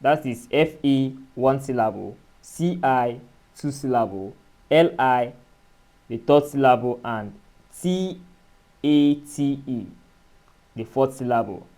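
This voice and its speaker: A man teaching an exam-prep lesson, speaking in a measured way and spelling out letters and syllables. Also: mid-range voice, mellow. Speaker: exam tutor.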